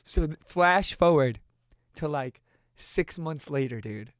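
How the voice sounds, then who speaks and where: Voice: medium pitch, expressive, takes it slowly, no room sound. A person in their twenties telling a story in casual chat, laughing often and acting out what people said.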